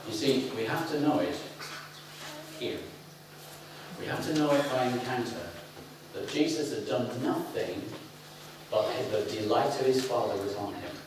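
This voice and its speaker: A middle-aged man from the north of England with a Northern English accent, preaching an animated, playful sermon to a congregation. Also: mid-range voice, measured pace, long pauses, background noise. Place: church hall. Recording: very echoey hall, picked up from a distance.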